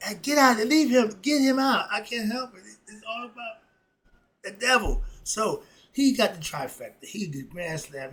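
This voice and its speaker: High-voiced man on a heated rant. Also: fairly bright tone, poor audio. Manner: heated, sarcastic, rambling rant with repetitions. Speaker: philosophy commentator. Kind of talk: solo opinion monologue.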